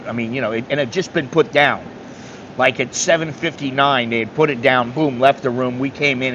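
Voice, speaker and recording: A man's voice: mid-range voice, fairly bright tone. A man from the United States telling travel stories in a casual monologue, blunt and swearing, acting out the people he talks to. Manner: blunt, swearing, acts out dialogue. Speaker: travel vlogger. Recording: dull lo-fi sound with faint hum.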